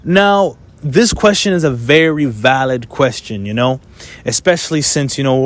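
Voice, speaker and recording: A man's voice: medium pitch, a little slow, no room sound. Blunt young man venting to camera. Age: 20s. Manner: blunt, heavy swearing, frequent "you know" fillers. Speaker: vlogger. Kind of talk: casual monologue to camera.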